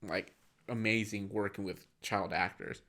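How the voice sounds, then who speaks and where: A man's voice: on the low side, steady tone, a little slow, bright, forceful tone. A young man co-hosting a movie podcast, casually retelling scenes and acting out bits of dialogue. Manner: retells scenes, acting out lines, filler-heavy. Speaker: podcast co-host.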